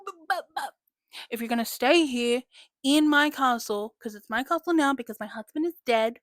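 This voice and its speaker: A woman's voice: a little high, fairly bright tone, no room sound, natural voice. A woman voicing a grieving young widow who cuts people off and swears freely, in a spoken book recap. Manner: brash, swearing, cutting people off. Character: grieving widow, blunt and foul-mouthed.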